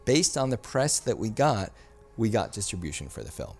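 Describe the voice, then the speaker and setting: A man, a filmmaker guest on a podcast, telling a story in a casual, animated way and acting out the people he quotes. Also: lowish voice, moderate pace, vocal fry. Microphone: studio mic.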